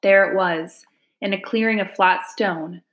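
A woman reading a children's folk-tale novel aloud, calm and measured with hushed suspense. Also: medium pitch. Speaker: audiobook narrator. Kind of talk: storybook narration.

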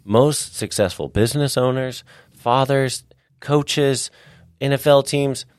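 A man's voice: mid-range voice, slow, clean tone, no echo. A man co-hosting a casual faith podcast, telling stories earnestly and with emphasis. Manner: earnest, animated storytelling with repeated emphasis. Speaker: podcast co-host, gym owner.

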